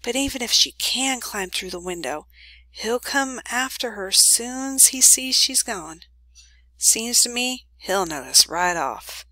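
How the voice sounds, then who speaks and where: A woman voicing an earnest young man who talks quickly and quietly in plain country speech, in a storybook reading. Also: on the high side, expressive, dry recording, pitched above the performer's own voice, full character voice, low-quality recording. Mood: urgent. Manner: hushed, hurried, country speech.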